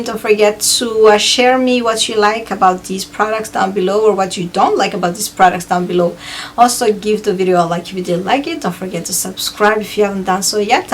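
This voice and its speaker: A woman's voice: mid-range voice, slight background noise. A woman vlogger chatting casually through a review of used-up beauty products, with frequent fillers and repeated words. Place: home in Hawaii.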